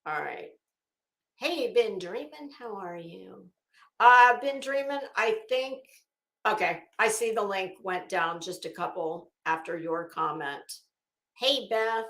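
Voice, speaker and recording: A woman's voice: mid-range voice, animated, takes it slowly, a bit bright, echoey room. A middle-aged woman from Florida with a Florida Southern accent, hosting a casual livestream, chatting frankly, swearing freely and greeting viewers by name. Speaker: livestream host.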